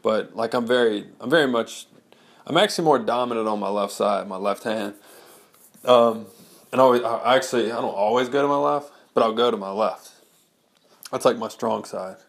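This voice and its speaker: A man's voice: medium pitch, moderate pace, creaky. A man in his thirties talking casually to his audience, rambling with many fillers and restarts. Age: 30s. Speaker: blogger. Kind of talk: casual personal monologue.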